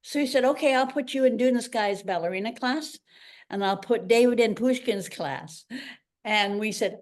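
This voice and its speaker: A woman's voice: on the high side, moderate pace. An older woman from Canada, a retired ballerina, telling stories in a casual interview and acting out the voices of the people in them. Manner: animated storyteller acting out quoted voices. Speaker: guest, retired ballerina and teacher.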